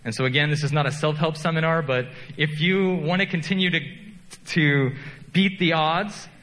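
A man's voice: on the high side, fairly even intonation, moderate pace, a bit bright, in a large hall, poor audio. A man preaching a sermon as pastor, telling self-deprecating stories in a conversational way.

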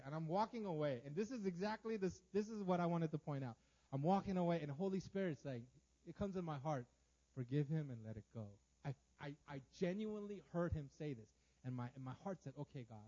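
A man preaching a storytelling sermon to a congregation, animated, swinging from loud outbursts to hushed lines and often stammering and repeating words. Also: high-pitched, lo-fi sound.

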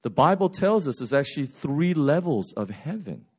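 Deep in storytelling mode, a male preacher gives a sermon that jumps from loud, fast bursts to quiet, slow lines. He acts out characters while keeping things casual and conversational. His fairly high voice has a sing-song lilt and a breathy edge.

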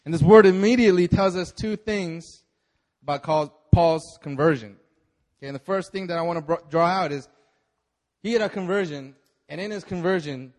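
A man preaching a sermon with animated, chatty storytelling, his voice sitting fairly high for a man. He keeps the tone conversational and acts out the people in his story. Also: moderate pace. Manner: animated storytelling, acting out biblical figures with laughs. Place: church service.

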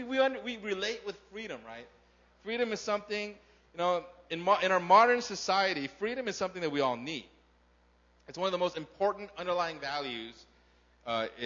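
A man's voice: a little high, a bit bright, highs cut off. A man preaching a sermon to his congregation, talking casually and often asking the crowd questions. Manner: conversational, asks the crowd questions. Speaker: pastor. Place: church in Korea.

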